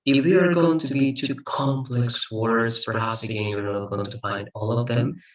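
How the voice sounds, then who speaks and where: A man's voice: mid-range voice, steady tone, normal speed. A man tutoring English over a video call, talking in a rambling way with many restarts and repeats. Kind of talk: online tutoring lesson. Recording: echoey room, far from the mic.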